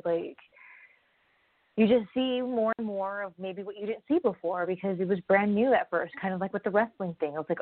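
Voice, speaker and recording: A woman's voice: mid-range voice, dry recording. A woman talking candidly in a casual personal vlog, rambling and losing her train of thought now and then. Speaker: vlogger. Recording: dry, phone-like narrow sound.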